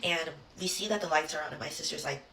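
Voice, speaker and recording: Young woman rambling thru a creepy childhood story, lowish voice, bright edgy tone, swears a lot. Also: fast, gravelly, slight background noise. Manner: rambling, swears, many "like" fillers. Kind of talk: casual storytime.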